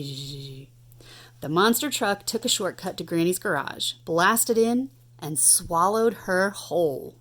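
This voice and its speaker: Woman reading a storybook aloud. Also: fairly low pitch.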